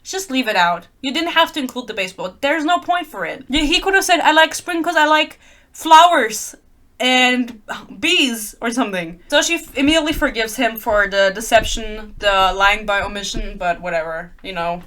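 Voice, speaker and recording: A woman's voice: medium pitch, animated, fairly quick, hardly any pauses, sharp tone. A young woman in a casual book-review vlog, sarcastic and laughing as she reads passages aloud and pokes fun at them.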